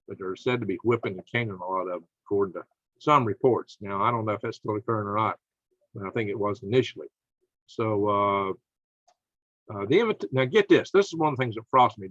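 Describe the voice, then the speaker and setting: A middle-aged man hosts his own channel, reading the news aloud and commenting with indignant anger that rises to shouts of outrage. His voice is lowish and quick, and the recording is muffled but has no echo.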